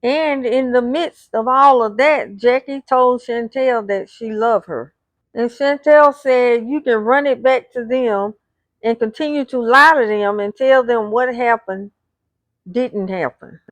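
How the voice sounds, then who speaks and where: A woman's voice: a little high, a little slow, no room sound. A woman recapping a reality TV episode scene by scene, reading out what the cast said and adding blunt asides. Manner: retells scenes, reading out the cast's lines.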